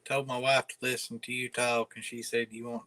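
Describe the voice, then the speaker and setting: A man's voice: mid-range voice, flat delivery, a little fast, noisy background. A man from northern Alabama with a Southern accent, casually chatting with viewers on a livestream in a laid-back, mumbly drawl. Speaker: livestream host.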